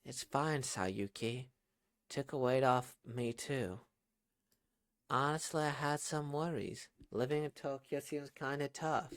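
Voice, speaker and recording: Man reading shy young woman racer, soft, quiet, reflective, manga read-aloud. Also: medium pitch, slow, clear, resonant tone, dry recording.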